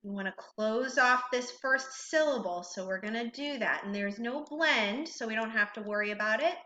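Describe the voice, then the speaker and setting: A woman's voice: fairly high pitch, normal speed, pushed and bright. A woman teaching a recorded phonics lesson, patiently asking questions and praising the learner. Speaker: reading teacher. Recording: roomy, slightly dull recording.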